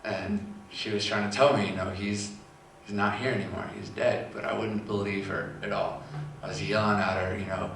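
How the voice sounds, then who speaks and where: A young man with a low, flat voice tells a personal story haltingly, pausing often. He sounds far from the mic in a very echoey room with faint background noise. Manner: halting, quiet storytelling with long pauses. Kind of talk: personal testimony.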